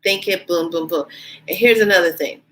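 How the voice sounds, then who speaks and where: A woman's voice: moderate pace, a little hiss or hum. A woman vlogger casually telling a personal story, her voice leaping up when she quotes herself. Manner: animated, jumps high in pitch when quoting herself. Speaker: spiritual vlogger.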